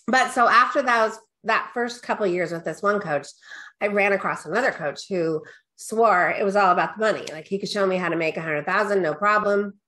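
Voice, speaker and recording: Appearing as a guest business coach in a relaxed interview, a middle-aged woman tells stories at a moderate pace, candid and animated. She keeps checking in with the listener, says "right?" and "da, da, da" often, and her pitch rises whenever she quotes herself.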